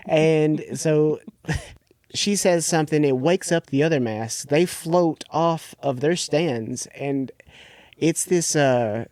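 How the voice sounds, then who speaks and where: A man co-hosting a podcast in a loose, rambling way, his voice warm and mellow at an everyday pitch. He leans on fillers and slips into quick quoted bits. The sound is close and dry. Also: dry recording. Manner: rambling retelling with filler words and acted-out quotes. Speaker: podcast co-host. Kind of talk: casual chat.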